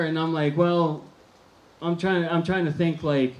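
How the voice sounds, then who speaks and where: A middle-aged American man performing a stand-up comedy set on a theater stage, telling deadpan absurd one-liners into a handheld mic. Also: fairly high pitch, measured pace. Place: movie theater stage before a live audience. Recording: echoey theater room with faint noise.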